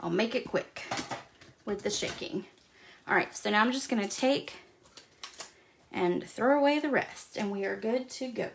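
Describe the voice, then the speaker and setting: Gravelly-voiced woman demonstrating a craft live. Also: medium pitch, measured pace, pauses often, noisy background. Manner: chatty, talks while working with hands. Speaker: crafting host.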